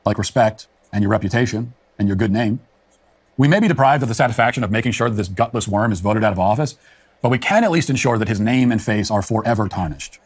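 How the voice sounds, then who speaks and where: Brief: male political commentator, low husky voice, rapid and scathing delivery. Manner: scathing, emphatic. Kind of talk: scripted commentary monologue.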